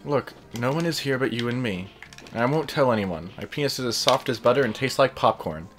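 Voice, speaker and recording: A man's voice: medium pitch, expressive, fairly quick, music in the background, close to an everyday voice. A man doing a smug, lecherous talking magic hat. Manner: sleazy, smug and confident.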